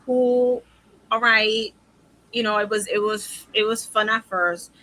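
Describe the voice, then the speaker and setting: Bright, emphatic woman co-host. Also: fairly high pitch, rough recording. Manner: animated, emphatic, quick to agree. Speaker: podcast co-host. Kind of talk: casual wrestling chat.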